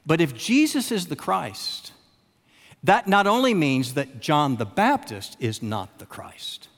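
A man preaching a sermon with dramatic repetition, long pauses, and swings from loud emphasis to a hush. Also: a little high, sing-song. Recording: long reverb of a large hall.

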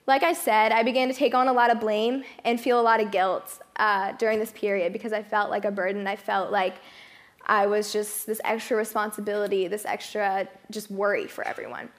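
A woman's voice: medium pitch, fairly even intonation, fairly quick. A young woman giving a chatty, self-mocking testimony talk to a youth group in a fellowship hall, laughing as she tells her story. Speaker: youth speaker.

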